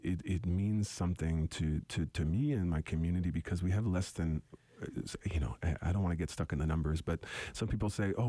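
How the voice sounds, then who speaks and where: A young adult man from eastern Canada with a deep radio voice, talking reflectively as a musician guest in an interview, halting and restarting often. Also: dark tone, dry recording. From Wolastoqey territory, eastern Canada. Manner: thoughtful, halting, many restarts.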